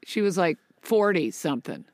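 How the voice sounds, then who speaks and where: A woman co-hosting a casual, playful chat, trading quick banter. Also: fairly low pitch, big pitch swings, darkish tone, dry recording, studio quality. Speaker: co-host.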